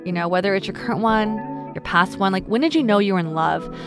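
A woman's voice: mid-range voice, fast, music in the background. A young adult woman hosting a personal podcast, talking candidly and a little emotionally, often restarting her sentences. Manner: candid and tender, with frequent restarts. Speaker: podcast host. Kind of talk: personal reflective podcast talk.

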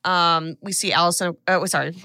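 A woman co-hosts a podcast, walking through a movie's plot in loose, animated chat packed with fillers and side remarks. Her voice is bright and forward, recorded close and dry with no room around it. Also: on the low side, normal speed, dry recording. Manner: chatty, animated, many fillers and asides. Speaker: podcast co-host. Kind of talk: casual film recap chat.

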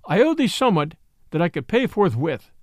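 A soft-voiced, gently teasing young outlaw from a storybook, as a male narrator plays him. The gentle voice still rides high and lively in pitch, recorded dry and close. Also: a little fast, no echo.

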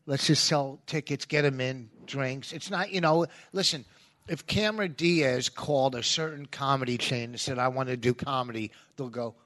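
A man's voice: mid-range voice, normal speed, fairly bright tone. A man, a comedian guest, talking emphatically in casual podcast chat and often cutting in with "listen". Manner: emphatic, rants with repeated "listen".

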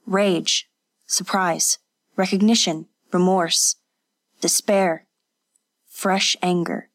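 A woman narrating an audiobook in a measured, unhurried manner. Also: medium pitch, steady tone.

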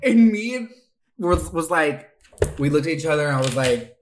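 A young podcast co-host tells a story in loose, casual chat, full of swearing and oaths. Their voice sits at a middle pitch and jumps up high when the story gets excited. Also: moderate pace, a little hiss or hum. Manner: animated, profane, swearing oaths for emphasis.

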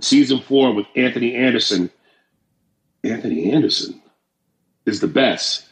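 A man hosting a podcast in loose, crude banter, swearing freely as he reads listener messages. His voice sits at an ordinary pitch for a man. The room around him rings with echo. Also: moderate pace. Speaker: podcast host. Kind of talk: casual podcast chat, reading listener messages. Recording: roomy echo.

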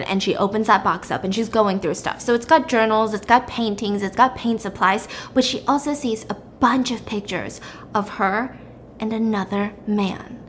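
Chatty woman, kinda high voice, recapping a plot, slight hiss. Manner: animated, chatty, uses fillers like "like" and "right?". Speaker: storyteller recapping a drama.

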